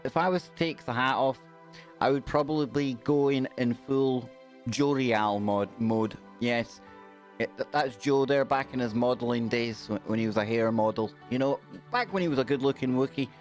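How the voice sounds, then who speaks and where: A middle-aged man, hosting a live stream in a chatty, rambling, joking way. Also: medium pitch. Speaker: host. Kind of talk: casual live-stream chat.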